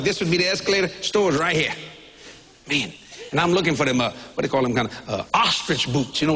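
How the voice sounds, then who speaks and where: A man preaching a sermon, telling a comic story in a folksy, animated way, often shouting and laughing. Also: on the high side, a little hiss or hum. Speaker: pastor.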